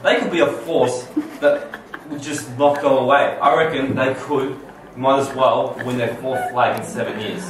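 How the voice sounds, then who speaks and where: A man's voice: medium pitch, a little slow. A young man co-hosting a casual sports chat, opinionated and talking in long run-on takes. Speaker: co-host. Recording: echoey room, distant mic, background noise.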